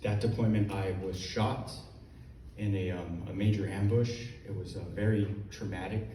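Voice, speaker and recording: Man, low monotone voice, hesitant fillers, echoey distant recording. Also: normal speed. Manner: hesitant, many fillers, choked up. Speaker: veteran speaker. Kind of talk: personal testimony. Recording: echoey room, distant mic, faint noise.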